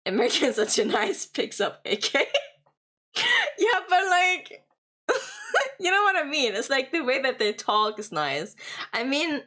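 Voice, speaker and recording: A woman's voice: high-pitched, big pitch swings, unhurried, pauses often, sharp tone. Laughing woman streamer. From Germany. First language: German. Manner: rambling, laughs often, swears casually. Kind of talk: casual reaction stream chat.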